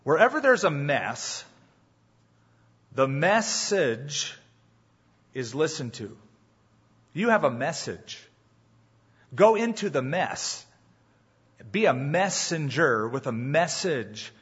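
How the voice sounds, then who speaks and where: A man's voice: on the high side, big pitch swings, slow, long pauses, fairly bright tone, breathy edge. A man preaching a sermon as a pastor in a church, emphatic and full of rhetorical questions to the congregation. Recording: dull, muffled live sermon recording.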